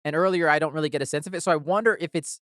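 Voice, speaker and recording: Animated man with smooth bright voice. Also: fairly high pitch, rapid-fire, dry recording, studio quality. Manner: animated, laughing, swearing. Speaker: podcast co-host. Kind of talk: casual chat.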